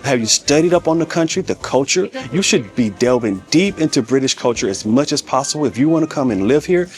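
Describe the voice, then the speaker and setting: A man's voice: a little high, darkish tone. An American man giving earnest, emphatic advice in a vlog to camera, stretching out key words for emphasis. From United States. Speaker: vlogger.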